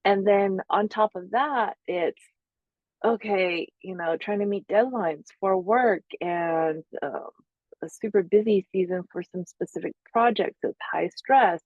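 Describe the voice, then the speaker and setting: A woman's voice: mid-range voice, a little slow, no echo. A woman psychotherapist talking through spiritual practice in a reflective monologue, searching for words with many fillers. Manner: searching, with many fillers and self-quoted asides. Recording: tinny phone-like sound.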